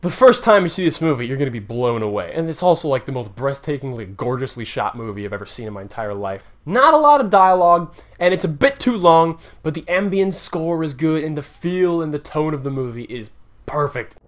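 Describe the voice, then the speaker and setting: High-voiced man ranting about movies. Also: brisk. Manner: blunt, opinionated, ranting; animated, swings up and down in pitch when worked up. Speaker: movie reviewer. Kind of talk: casual opinionated movie countdown.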